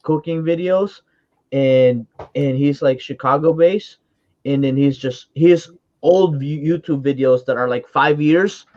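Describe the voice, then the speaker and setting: Casual co-host man, animated and excitable, slightly higher voice, dull lo-fi stream sound. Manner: animated, fast, lots of "like" and "dude". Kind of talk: casual livestream chat.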